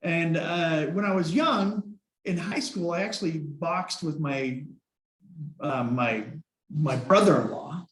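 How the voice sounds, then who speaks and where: A man's voice: on the high side, takes it slowly, echoey room. A man giving a casual motivational talk to his team, telling stories and acting out his own past thoughts. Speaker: team leader.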